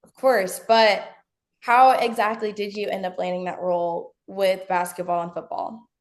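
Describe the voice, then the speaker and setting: A woman's voice: mid-range voice, level tone, normal speed. A woman hosting a podcast, asking friendly questions in a casual, chatty way. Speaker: podcast host. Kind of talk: casual interview.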